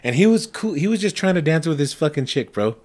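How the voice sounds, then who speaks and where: A young man co-hosting a casual podcast, telling profane stories with lively impressions of the people in them. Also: fairly high pitch, fast talker. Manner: profane storytelling, animated impressions. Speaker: podcast co-host. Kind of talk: casual chat.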